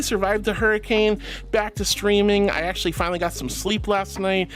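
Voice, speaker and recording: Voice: mid-range voice, steady tone, moderate pace, soft background music. A VTuber streamer in casual live-stream chat, gushing over viewers and calling them sweetie and honey, often breaking into giggles.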